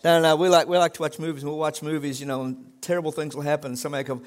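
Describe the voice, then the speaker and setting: A man's voice: on the high side, flat delivery, rapid-fire, hardly any pauses. A middle-aged male pastor preaching a sermon in a conversational way that swells into emphatic exhortation.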